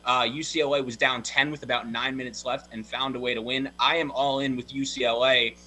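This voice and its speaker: A man giving college basketball analysis on a podcast in a steady, informative manner. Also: medium pitch, a little fast, low-quality recording. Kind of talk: sports analysis.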